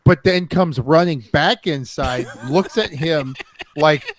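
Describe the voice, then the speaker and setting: A man's voice: a little high, a little slow. A man co-hosting a podcast, telling a story with lots of swearing and acting out the people in it. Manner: swears a lot, acts out other people's voices in story. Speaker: podcast co-host. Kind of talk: animated storytelling, casual chat.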